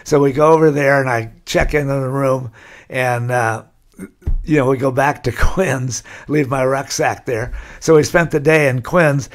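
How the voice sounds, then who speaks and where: A man's voice: mid-range voice, fairly even intonation, a little slow. An older man, a guest on a podcast, telling a rambling anecdote in a casual interview, full of uh fillers and restarts.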